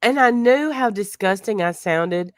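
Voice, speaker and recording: A woman recovering from illness, chatting casually as host of a live stream and telling stories in an animated way with plenty of laughs. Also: mid-range voice, measured pace, dry recording, clean studio sound. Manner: animated storyteller, laughs a lot. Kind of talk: casual chat.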